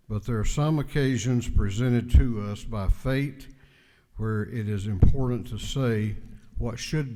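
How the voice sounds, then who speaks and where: Slow, deliberate man in an echoing chamber. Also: mid-range voice, darkish tone. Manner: measured, emphatic, with repetitions for stress. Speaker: state legislator presenting a resolution. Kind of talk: formal floor speech. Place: legislative chamber. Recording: long reverb of a large chamber.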